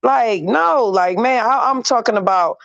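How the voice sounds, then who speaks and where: A woman's voice: fairly high pitch, a little slow, creaky, no room sound. A woman, animatedly telling a story on her livestream show, often humming "mm" and swearing freely. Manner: animated, swears freely, hums "mm" between phrases. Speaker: livestream host. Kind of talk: casual storytelling chat. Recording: dry, slightly dull lo-fi sound.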